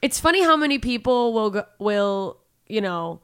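A woman's voice: medium pitch, big pitch swings, normal speed, clear, resonant tone. A woman hosting a casual interview chat, laughing often and acting out quotes from other people. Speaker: podcast host.

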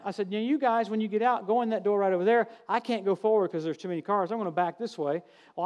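A man delivers a sermon to a church congregation. His voice sits high for a man, and he tells stories with folksy humor and lively, animated energy. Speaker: preacher. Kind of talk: sermon with storytelling.

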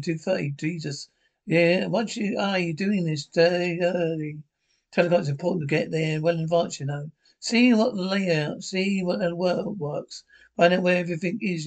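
An older man with a Scottish accent in bantering, grumbling sitcom dialogue, quick to swear. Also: high voice.

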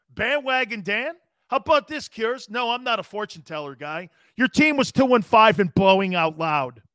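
Brash, high-voiced sports talk host. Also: male voice, bright, forceful tone, dry recording, studio quality. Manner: brash and profane, talks straight to viewers; combative, playfully needling callers and commenters. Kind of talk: live show, reading and answering viewer comments.

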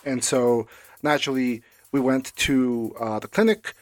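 A man's voice: mid-range voice, fairly even intonation, measured pace, no room sound. Guy with a cold and a cough just rambling on his podcast, lots of uh and restarts, dry close mic. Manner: rambling, with many fillers and restarts. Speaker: podcast host. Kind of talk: casual solo podcast talk.

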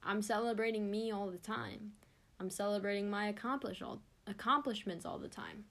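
A woman's voice: medium pitch, fairly even intonation, moderate pace, a bit bright. A young woman hosting her own podcast, talking in an earnest, rambling and openly emotional way. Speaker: podcast host. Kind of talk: casual podcast monologue.

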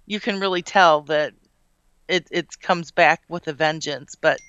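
Woman in her 40s cohosting, bright crisp voice, matter-of-fact advice, kinda dull dry sound. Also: sits low, measured pace, dry recording. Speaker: co-host. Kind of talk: casual chat.

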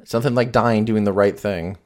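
Speaking fairly quickly in a lowish, slightly mellow voice with fairly even intonation, a man hosts a podcast. He chats loosely, cursing often and leaning on lots of fillers as he rambles.

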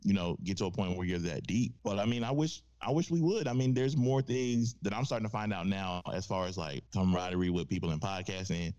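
A man hosting a casual podcast chat, animated and profane, acting out the voices he quotes. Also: deep voice, a little fast, few pauses. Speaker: podcast host. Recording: dull lo-fi sound.

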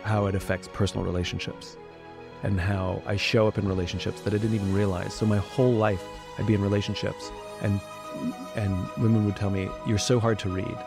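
A man's voice: fairly low pitch, a little fast, gravelly, music in the background. Reflective man talking candidly. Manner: reflective, blunt, animated when quoting others. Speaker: podcast guest. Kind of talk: candid conversational talk.

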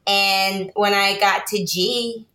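A woman's voice: mid-range voice, steady tone, takes it slowly, pushed and bright. A woman in her thirties, a podcast guest and small business owner, explaining things at length in casual chat and laughing often. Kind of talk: casual interview talk. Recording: roomy echo.

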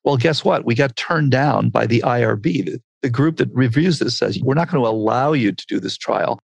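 A man's voice: medium pitch, normal speed, vocal fry, no room sound. An older man, a medical researcher, tells a story in an interview and acts out the quotes as he goes. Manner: animated storyteller acting out quotes.

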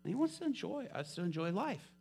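A male pastor preaching a sermon, telling a story with lively swings from hushed to loud. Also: high voice, fast talker, creaky, slight background noise.

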